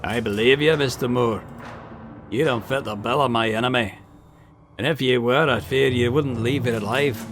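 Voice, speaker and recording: A man's voice: medium pitch, normal speed, background noise, lightly acted. A man voicing a menacing Irish male gang boss in a put-on Irish accent, drawling and mocking. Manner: drawling, teasing, threatening. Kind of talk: video game voice reading.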